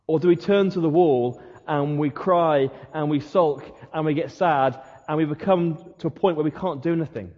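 A man's voice: on the high side, moderate pace, few pauses, darkish tone. Male pastor, earnest sermon, repeats his questions; muffled church hall recording. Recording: muffled sound with long hall reverb.

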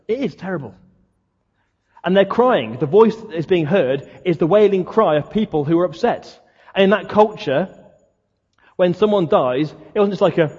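A man's voice: high voice, expressive, moderate pace, darkish tone, breathy edge. A man preaching a sermon, talking conversationally and asking the listeners many questions. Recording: dull lo-fi sound, long hall reverb.

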